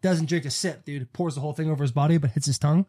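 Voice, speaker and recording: A man in casual podcast chat, retelling a fight night in a fast, animated way and swearing freely. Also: on the high side. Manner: fast, animated storytelling with profanity; breaks into sung snippets when retelling. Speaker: podcast co-host.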